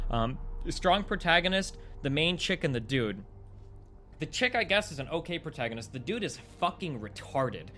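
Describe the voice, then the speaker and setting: A young man with a high voice that swings widely in pitch tears into a film during a live stream. He talks heatedly, swearing freely and restarting his sentences as he vents. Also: sharp tone. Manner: profane, heated, ranting. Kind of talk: live stream movie rant.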